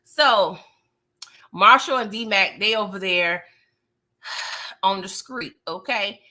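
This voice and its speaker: A woman's voice: mid-range voice, takes it slowly, bright, forceful tone. A woman hosting a casual livestream recap of a TV show, chatting in slangy, playful talk and laughing often.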